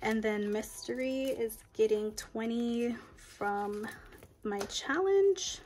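Slow and a little mellow, with a fairly high pitch, a young woman vlogs about budgeting while counting cash; a little hiss or hum sits in the audio. She counts bills aloud, chatting in an upbeat, casual cash-stuffing style.

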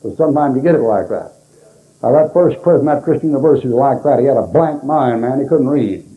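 An older man preaching in a folksy, animated sermon-teaching style at a conference, laughing as he goes. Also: mid-range voice, fast talker. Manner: animated, laughing, mimics voices in quotes. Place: conference hall. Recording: tinny phone-like old tape.

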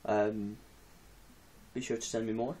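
A man's voice: fairly low pitch, level tone, unhurried, darkish tone, a little hiss or hum. A man vlogging in his bedroom in casual, rambling chat to camera, giggling often. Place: bedroom with music posters on the wall.

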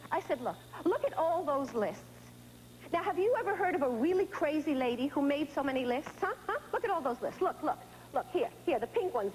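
A woman's voice: sits high, darkish tone, a little hiss or hum, poor audio. A woman playing a frazzled middle-aged mother of a teenage daughter in a stage monologue, talking in frantic, stammering bursts to an unseen child. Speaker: stage actress in a one-woman show. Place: theater stage.

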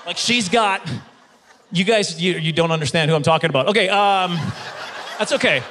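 High, bright-voiced male stand-up comic. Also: normal speed, a little hiss or hum. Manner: animated storytelling, mock voices for others. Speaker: stand-up comedian. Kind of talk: stand-up comedy routine. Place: stage before a live studio audience.

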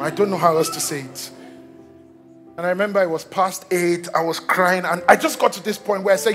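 A man's voice: high-pitched, fairly quick, soft background music. A young Nigerian man, a pastor, telling a story in a sermon, joking with the congregation as he goes. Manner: animated storytelling, jokes with the congregation.

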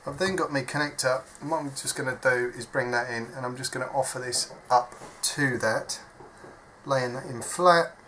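A man's voice: mid-range voice, normal speed, pushed and bright, a little hiss or hum. Chatty man at a workbench. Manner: chatty, self-deprecating, thinks aloud while working. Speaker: hobby electronics modder. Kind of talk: casual step-by-step workbench demonstration. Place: at a workbench indoors.

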